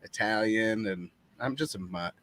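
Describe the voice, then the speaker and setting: A man's voice: lowish voice, a little slow, a bit bright, no room sound. A man co-hosting a live podcast, chatting casually and stumbling over names while reading comments aloud. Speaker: podcast co-host. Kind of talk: casual live-stream chat.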